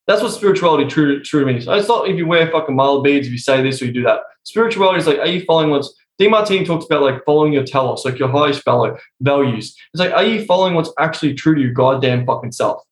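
A young man in casual podcast chat, blunt, profane and animated. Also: fairly high pitch, racing, few pauses, echoey room, rough recording.

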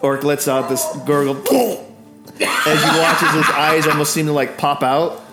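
A man's voice: on the high side, unhurried, loud music behind the voice. Man narrating as dungeon master. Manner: loose narration with fillers, laughs often. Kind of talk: narrating a tabletop game.

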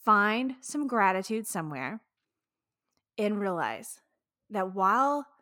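A woman's voice: medium pitch, pushed and bright, no room sound, studio quality. A woman hosting a solo podcast, talking in a candid, heartfelt way with frank swearing. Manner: emotional, speaks of tears. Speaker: podcast host.

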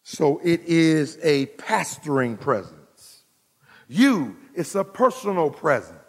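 A man preaching a sermon as pastor, calling out to the congregation and swinging from loud to hushed. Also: fairly high pitch, big pitch swings, takes it slowly, husky, in a large hall.

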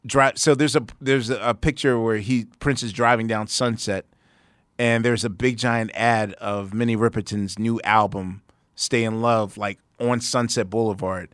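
A man's voice: on the low side, steady tone, normal speed, fairly bright tone, no room sound, studio quality. A man hosting a podcast in casual chat, telling rambling anecdotes full of "like". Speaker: podcast host.

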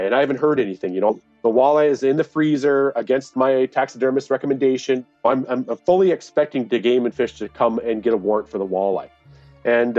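A man's voice: medium pitch, a little mellow, no echo. Man, earnest storyteller, indignant edge; dry, slightly dull recording. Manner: earnest, indignant when recounting. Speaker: interviewee, angler. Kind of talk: conversational storytelling.

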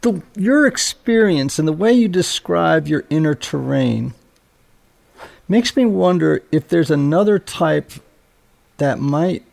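A man hosting a podcast interview, thoughtful and halting as he speaks. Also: a little high, animated, creaky, darkish tone. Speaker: podcast host.

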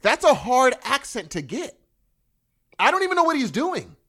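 Man, high voice, very lively pitch, animated casual podcast chat. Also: husky. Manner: animated, enthusiastic, quick bursts and restarts. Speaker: podcast co-host.

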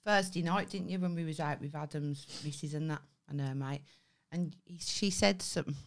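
A woman's voice: sits low, normal speed, creaky. A woman co-hosting a podcast, teasing and swearing, laughing often in casual chat. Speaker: podcast co-host.

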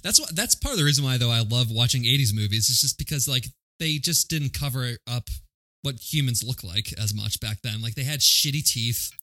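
Dude on a movie podcast going through the plot, brightish voice, dry sound. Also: male voice, medium pitch, lively intonation, a little fast, hardly any pauses, no room sound. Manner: recaps the plot, jokey, laughs often. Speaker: podcast co-host. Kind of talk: casual movie-review banter.

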